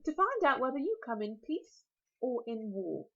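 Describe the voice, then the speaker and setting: Anxious, earnest little boy, voiced by a British woman, high and pleading, lo-fi storybook read. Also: big pitch swings, moderate pace, fairly bright tone, breathy edge, exaggerated voice. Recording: lo-fi recording.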